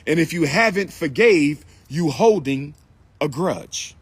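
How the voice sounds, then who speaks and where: A man's voice: fairly high pitch, expressive, slow pace, husky, no echo. A man hosting a live stream, lecturing his viewers in a preachy, repetitive way and calling on them to respond. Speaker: livestream host and lecturer.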